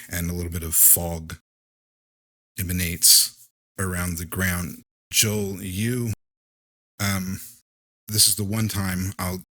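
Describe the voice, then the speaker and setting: A man narrating as game master of a tabletop horror game, halting and relaxed with many fillers. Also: sits low, no room sound.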